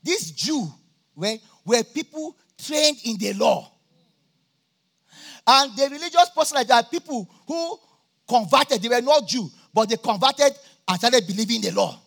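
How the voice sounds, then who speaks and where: A man preaching a sermon at a church campmeeting, jovial and laughing often, now and then bursting into shouts. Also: very high voice, lively intonation, unhurried, vocal fry. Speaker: pastor.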